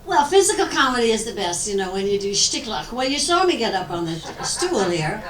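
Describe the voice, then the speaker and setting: A woman doing comic stage banter as a guest entertainer, joking bawdily with lively asides. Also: on the high side, a little fast. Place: large club banquet room with audience. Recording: echoey room, far off, loud crowd and noise.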